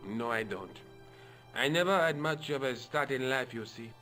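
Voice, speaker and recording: An actor playing a fussy, self-important museum guard in a game. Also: male voice, mid-range voice, normal speed, lightly acted. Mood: wistful. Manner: pompous, affected, self-important. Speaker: game character. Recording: game audio with soft music.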